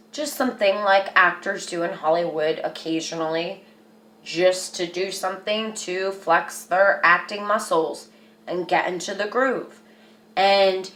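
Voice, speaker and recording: In an echoey room, a woman with a mid-range, fairly bright voice tells a personal story to camera as a vlogger. She rambles earnestly and says "like" a lot.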